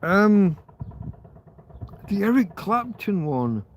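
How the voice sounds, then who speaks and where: A man's voice: high voice, sing-song, drawn-out words, background noise. A man hosting a livestream, chatting in a rambling way with many fillers and restarts. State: laughing through tears. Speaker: livestream host. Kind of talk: rambling casual chat.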